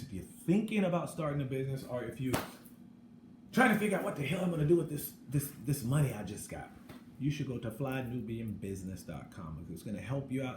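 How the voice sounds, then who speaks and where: Blunt animated man in an echoey room. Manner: blunt, animated, swings between loud and low. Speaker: channel host. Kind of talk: casual commentary monologue. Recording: echoey room with background noise.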